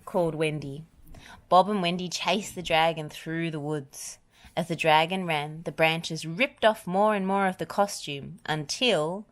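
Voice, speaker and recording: A woman narrating a children's story aloud in an expressive, animated way. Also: sits low, measured pace.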